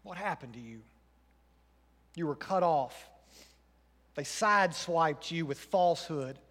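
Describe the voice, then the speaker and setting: A man preaches a sermon from the pulpit, his fairly high voice swelling on emphatic questions and falling quiet again. His words ring out into a church with a long reverb tail. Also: expressive, unhurried. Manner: earnest preaching, rising to emphatic questions then dropping soft. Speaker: pastor.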